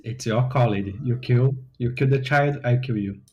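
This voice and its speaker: A man playing in a tabletop game, speaking his character's threats loudly and without hurry. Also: medium pitch, normal speed, muffled recording, natural voice. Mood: threatening. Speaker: player.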